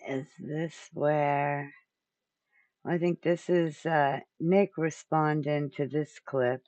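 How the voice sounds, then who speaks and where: A man hosting, thinking aloud in a halting way as he plays clips. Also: fairly high pitch, fairly even intonation, darkish tone, dry recording. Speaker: host. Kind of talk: casual commentary while playing clips. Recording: dry lo-fi audio.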